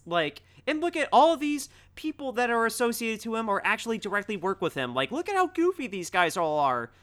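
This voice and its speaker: An excitable young man in casual podcast chat. His voice is bright and forward, and his pitch swings widely as he gets caught up in the conversation. He talks in an animated way and peppers his sentences with "dude.". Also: clean tone.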